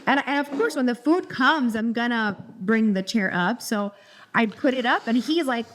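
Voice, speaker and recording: Middle-aged woman, podcast co-host, higher pitch, rambling storyteller who restarts her sentences a lot. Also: moderate pace. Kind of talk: casual storytelling chat.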